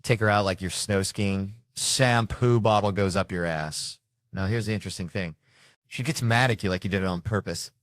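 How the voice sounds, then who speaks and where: Lively low-voiced male stand-up comic. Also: moderate pace, dry recording, clean studio sound. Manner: animated storytelling, acting out family members. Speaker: stand-up comedian. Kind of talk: stand-up comedy routine.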